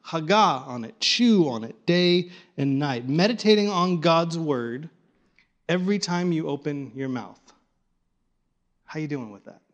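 A man teaching a Bible study class to a live group, animated, often repeating and restarting his words and coaxing the group to join in. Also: a little high, a little slow, dull audio.

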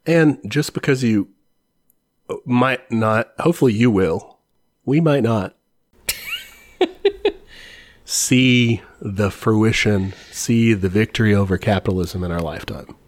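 A man's voice: lowish voice, sing-song, slow, long pauses, no echo. A man co-hosting a podcast, talking earnestly and rambling with many restarts. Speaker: podcast co-host. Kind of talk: casual political chat.

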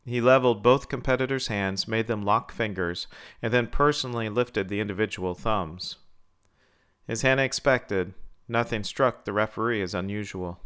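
A man reading a short story aloud in a measured, scripted narration. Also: on the low side, fairly even intonation, fairly bright tone, clean tone.

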